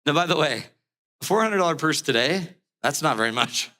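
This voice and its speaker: A middle-aged man giving a motivational talk on relationships, an animated storyteller who acts out the people in his stories. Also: fairly high pitch, fairly quick. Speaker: relationship speaker.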